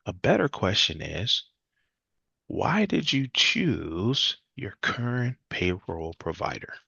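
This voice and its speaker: A man teaching a live sales class, acting out lively client conversations as examples. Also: slow pace, vocal fry, husky, no room sound, lo-fi sound. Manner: energetic, acts out client dialogue with jumps in pitch. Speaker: sales trainer.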